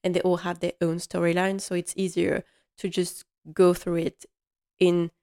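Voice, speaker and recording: A woman's voice: on the low side, completely flat delivery, normal speed, dark tone. A woman hosting a fan podcast on her own, talking in a casual, rambling way with lots of ums and restarts. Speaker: podcast host. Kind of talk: casual solo podcast chat.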